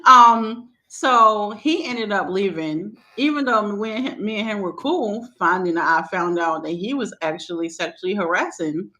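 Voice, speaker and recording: Podcast co-host, woman, bright forceful tone, animated casual storyteller who laughs easily. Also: medium pitch, moderate pace, hardly any pauses. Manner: animated, laughing often, colloquial.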